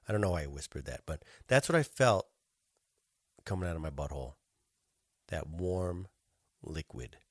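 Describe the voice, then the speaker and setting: A man hosting a podcast, telling a crude personal story in a profane, graphic, animated way. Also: medium pitch, no echo, studio quality. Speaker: podcast host.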